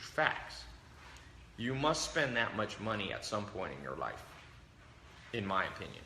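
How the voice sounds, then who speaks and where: A man hosting a livestream, giving a brash, animated motivational talk and acting out the voices he quotes. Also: fairly low pitch, reverberant, slight background noise. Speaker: livestream host. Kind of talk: motivational talk to a live audience.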